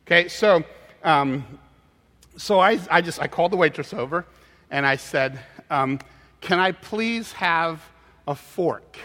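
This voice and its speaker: A man preaching a sermon, telling a story in an animated way with frequent halting restarts. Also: fairly high pitch. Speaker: pastor. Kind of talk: sermon with personal anecdote. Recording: hall with long reverb.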